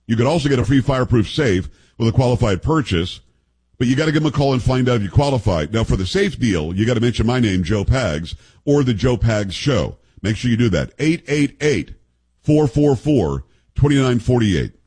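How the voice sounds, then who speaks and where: A man's voice: medium pitch, lively intonation, brisk, darkish tone, husky. A man hosting a talk radio show, delivering a combative, mocking monologue and reading ads.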